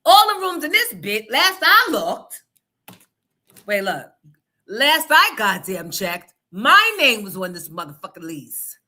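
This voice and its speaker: A middle-aged woman with a New York accent, hosting a live stream and telling stories in a loud, playful, swearing chat with viewers. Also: fairly high pitch, big pitch swings, slow.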